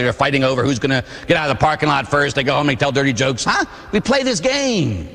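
A man's voice: medium pitch, a bit bright. A Catholic priest in his forties from Pittsburgh gives a sermon full of personal stories, with humorous asides and a habit of tag questions. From Pittsburgh, USA. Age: 40s. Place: church. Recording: long church reverb.

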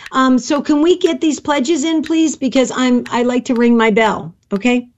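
A woman with a high voice co-hosting a radio pledge drive. She talks in an excitable, chatty way and jokes about herself as calls come in. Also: moderate pace. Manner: excitable, chatty, self-mocking. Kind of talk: live radio fundraising chat.

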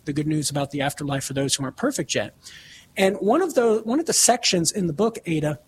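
A man's voice: a little high, slight background noise. Earnest man explaining on live radio. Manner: enthusiastic, earnest, explains at length. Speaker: radio show guest expert. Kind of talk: live radio teaching and chat. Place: home studio.

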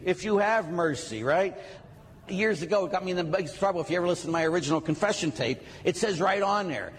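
A middle-aged man, a priest, giving a lively sermon talk full of joking stories and acted asides. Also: sits high, slight background noise. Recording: long hall reverb, faint ambience.

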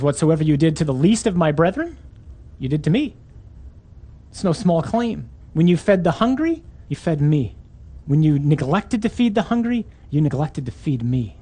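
A man delivering a sermon in a fairly high voice. He preaches with animated delivery, reading scripture and acting out the lines he quotes.

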